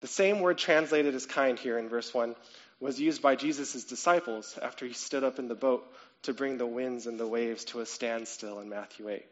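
Animated pastor, muffled lo-fi recording. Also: male voice, mid-range voice, normal speed. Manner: conversational, frequent "okay?" and "right?" check-ins; animated, rising to excited questions. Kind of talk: sermon.

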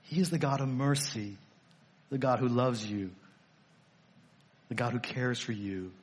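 Husky emphatic preaching man. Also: mid-range voice, measured pace. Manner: emphatic and repetitive, asks rhetorical questions. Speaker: pastor. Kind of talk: sermon.

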